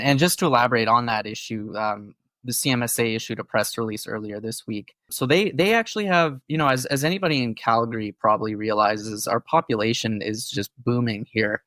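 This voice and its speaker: A man's voice: medium pitch, fairly quick, pushed and bright, no echo. A man co-hosting a casual sports podcast, explaining topics in an informative way with a few fillers. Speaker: podcast co-host.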